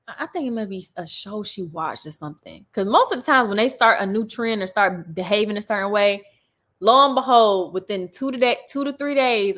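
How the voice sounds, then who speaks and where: A woman's voice: medium pitch, a bit bright. Chatty young woman on a livestream. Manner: chatty and laughing often, talking straight to viewers. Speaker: livestream host reading viewer comments. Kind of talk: casual chat.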